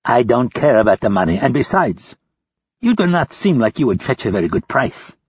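A man's voice: mid-range voice, very animated, moderate pace, a little mellow, husky, dry recording, muffled recording. A man voicing a cruel, mocking male captor who taunts and interrogates a prisoner. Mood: menacing. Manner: menacing, taunting.

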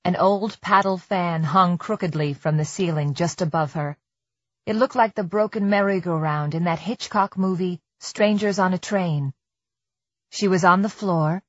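A woman reading a novel aloud in measured, even scripted narration. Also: on the low side, dry recording. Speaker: audiobook narrator. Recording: dry, slightly muffled recording.

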